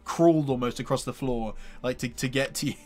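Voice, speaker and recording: A man's voice: medium pitch, fairly quick, a little mellow. A man narrating as game master of a tabletop game, with hesitant phrasing and lots of fillers. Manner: hesitant, full of fillers like "sort of".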